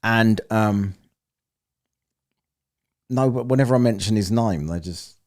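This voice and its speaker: A man's voice: low voice, lively intonation, a little slow, vocal fry, pauses often, a little mellow. A man giving mocking, profane commentary over a live stream, laughing at the people he watches. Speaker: streamer reacting to a debate.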